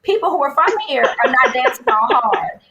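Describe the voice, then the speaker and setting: A woman, a guest telling wry, animated stories in casual chat. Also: high voice, moderate pace, creaky, highs cut off. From New Orleans, USA. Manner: animated, wry, laughing asides. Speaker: guest, food writer.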